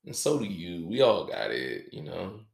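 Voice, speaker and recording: Very gravelly man, roomy echo. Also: low voice, big pitch swings. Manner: halting, reflective, casual with swearing. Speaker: podcast host. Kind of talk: confessional podcast monologue. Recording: echoey room.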